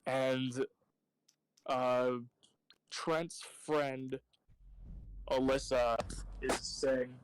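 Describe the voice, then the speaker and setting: A man's voice: medium pitch, flat delivery, very slow, long pauses. Guy streaming, swearing a lot while he tells a long story, says like every other word, bit of noise behind. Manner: profane, rambling, lots of "like" fillers. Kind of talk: casual storytelling while gaming.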